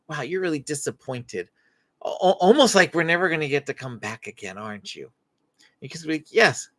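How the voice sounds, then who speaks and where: A man hosting a live-stream parenting Q&A, teaching with faith-based advice and acting out parent and child lines. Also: on the high side. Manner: animated, acts out parent and child lines in dialogue. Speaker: parenting coach and host.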